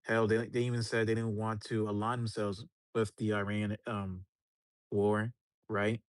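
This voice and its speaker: Low-voiced, easygoing male guest. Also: little pitch movement, a little slow, clear, resonant tone, no room sound, studio quality. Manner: easygoing, says "man" often. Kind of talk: casual chat.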